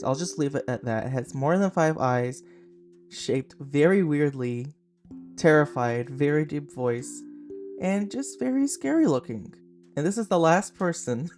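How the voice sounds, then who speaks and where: A young man in his twenties hosts a laid-back podcast and enthuses about a favorite film. His voice sits at a middle pitch, and his talk is loose and filler-heavy. Soft guitar music plays faintly behind him. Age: 20s. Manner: chatty and gushing, with frequent "like" fillers. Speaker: podcast host. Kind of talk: casual film review podcast.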